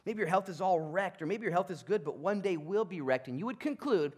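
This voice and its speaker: A male pastor preaching a sermon in a church, conversational and animated, swinging between loud and hushed. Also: high voice, brisk, hardly any pauses. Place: church sanctuary.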